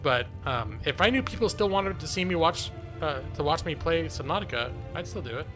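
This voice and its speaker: A man's voice: fairly high pitch, lively intonation, brisk, music in the background. A man streaming a video game live, chatting casually in a jokey, self-mocking way and laughing often. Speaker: gaming streamer and lawyer.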